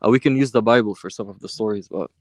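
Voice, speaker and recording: A man joining a live debate as a caller, speaking in a hesitant, halting way. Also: on the low side, no echo, clean studio sound.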